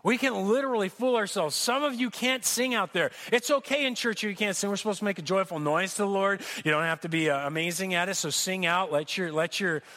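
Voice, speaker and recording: A man preaching to his congregation with a high, bright voice. He tells humorous stories and works the crowd with questions. His delivery is animated and conversational, the way a pastor talks from a church stage. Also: fairly quick, few pauses. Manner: animated, jokey storytelling to a congregation. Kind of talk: sermon. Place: church sanctuary.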